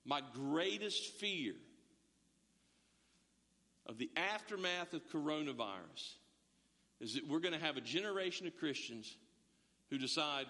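An emphatic male pastor preaches to a streamed congregation in a high, bright voice. He leans on rhetorical questions and stumbles into quick restarts. His words hang in the long reverb of a large church hall. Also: expressive. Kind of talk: sermon.

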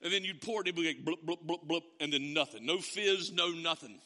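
A man preaching a sermon, telling a family story with animated, acted-out quotes. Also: a little high, brisk, big-room sound. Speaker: pastor.

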